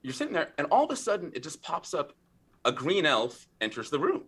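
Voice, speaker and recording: A man's voice: a little high, huge pitch swings, fairly quick, fairly bright tone, breathy edge. A middle-aged man, a podcast guest, telling a rambling story in casual interview talk, full of fillers and restarts.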